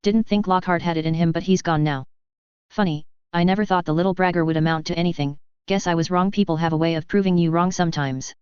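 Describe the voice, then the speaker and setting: Even-toned woman reading a story. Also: lowish voice, fast, clear, resonant tone, dry recording. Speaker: narrator. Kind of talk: fan fiction audiobook reading. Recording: dull dry lo-fi audio.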